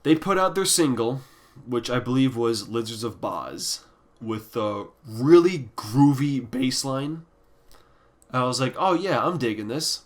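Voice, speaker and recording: A man reviewing albums in a casual ranking video, ranting bluntly and with heavy swearing, sometimes sinking into quiet, deflated muttering. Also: mid-range voice. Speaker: music reviewer.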